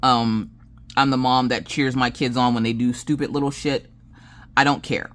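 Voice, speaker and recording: This crafting channel host speaks at a normal pace in a very deep, slightly bright voice with fairly even intonation and a Southern American accent. While she crafts, she chats away, recounting family tales at length, voicing each relative's dialogue, and cursing without hesitation.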